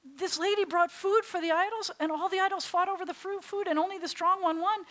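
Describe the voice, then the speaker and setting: A woman voicing an earnest, clever teenage boy who rushes out a dramatic, breathless tale. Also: extremely high pitch, steady tone, fairly bright tone, pitched above the performer's own voice.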